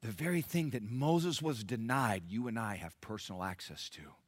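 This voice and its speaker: A man preaching a sermon as pastor, calling out to the congregation for responses and swinging between loud emphatic bursts and hushed, soft passages. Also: fairly low pitch, expressive, normal speed, no echo.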